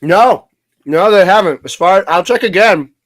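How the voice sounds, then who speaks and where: A man's voice: high-pitched, measured pace, fairly bright tone, no room sound. Rambling man on a dry call. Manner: rambling, trails off, eats while talking. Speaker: podcast co-host. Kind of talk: casual chat about local politics.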